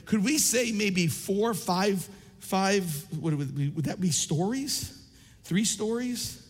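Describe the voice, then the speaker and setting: A man preaching a sermon as pastor, impassioned and building to near shouts. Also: high-pitched, takes it slowly. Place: large church sanctuary. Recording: long reverb of a large hall.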